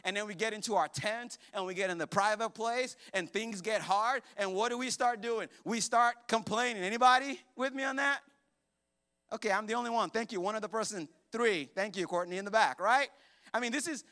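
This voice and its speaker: A man preaching a sermon as pastor to a church congregation, animated and jokey, acting out voices as he tells the story. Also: very high voice, clean tone.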